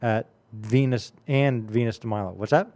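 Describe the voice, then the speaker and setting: A man's voice: mid-range voice, normal speed, darkish tone. A man in his late forties hosting a radio music show, telling stories in a rambling, casual way full of fillers. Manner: rambling storyteller, many fillers.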